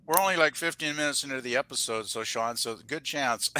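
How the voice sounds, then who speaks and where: A man's voice: medium pitch, over a noisy crowd. A man on a review panel chiming in casually with short, agreeable remarks. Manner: agreeable, quick back-channel remarks. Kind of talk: casual chat.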